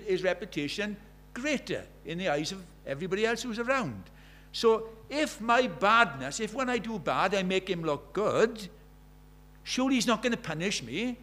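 Animated preacher man, slightly high voice. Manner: animated, rhetorical, acts out quoted voices. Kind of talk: sermon.

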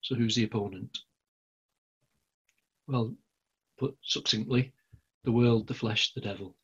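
Here a Lancashire man preaches in a loose, chatty style, stopping to restart and leaning on fillers. His slightly rough voice is medium in pitch and measured in pace, and the sound quality is lo-fi.

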